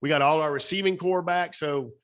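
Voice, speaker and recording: A man's voice: a little high, brisk, fairly bright tone. A middle-aged man with a Southern accent, a podcast guest giving emphatic motivational talk, his voice slightly shaky. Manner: emphatic, repeats key phrases. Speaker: podcast guest, speaker and author.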